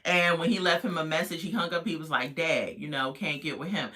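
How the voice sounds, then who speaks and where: A woman's voice: low voice, a little fast, bright, forceful tone. A woman casually recapping a reality TV episode, chatty and sassy with lots of asides.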